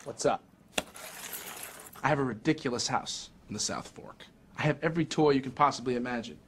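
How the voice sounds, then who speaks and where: An actor playing a brash wealthy man in a film clip, boasting with a swaggering, salesman-like pitch to a group of young recruits. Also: a little fast, slight background noise, lightly acted. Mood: boastful.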